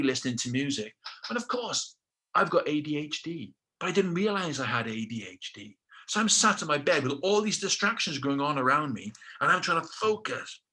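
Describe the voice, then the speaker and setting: Bright-voiced British man telling stories. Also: on the high side. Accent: British English. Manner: animated, acts out quotes, self-deprecating asides. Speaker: guest telling his life story. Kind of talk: casual storytelling.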